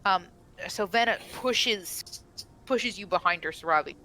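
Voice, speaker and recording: A woman's voice: on the low side, unhurried, sharp tone, rough recording. A woman narrating as game master of a tabletop game, rambling with frequent restarts.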